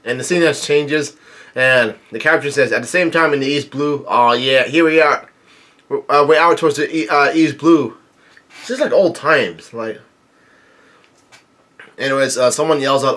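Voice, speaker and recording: A young man reading a manga chapter aloud in a casual, halting way, full of fillers and restarts, and lifting his energy for the quoted lines. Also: medium pitch, fairly bright tone. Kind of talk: casual read-through commentary.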